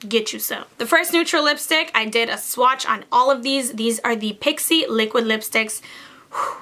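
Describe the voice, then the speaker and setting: A young woman talks straight to her camera in a casual beauty vlog. Her voice is bright and forward, sitting a little higher than most, and she gushes eagerly with plenty of "like" between her thoughts. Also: normal speed. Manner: bubbly, gushing, says "like" a lot. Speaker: beauty vlogger. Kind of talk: casual makeup favorites vlog.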